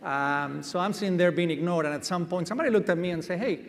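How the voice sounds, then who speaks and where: A man's voice: sits high, quick pace, vocal fry, slight background noise. Man telling a story on a conference stage. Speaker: medtech company CEO. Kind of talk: onstage anecdote telling. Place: large conference hall stage. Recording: reverberant conference hall.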